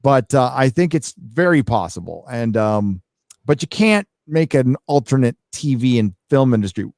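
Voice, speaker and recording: A man's voice: mid-range voice, big pitch swings, moderate pace, a little mellow, no room sound. Profane, rambling male stream host. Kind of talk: casual live-stream chat, reading donations.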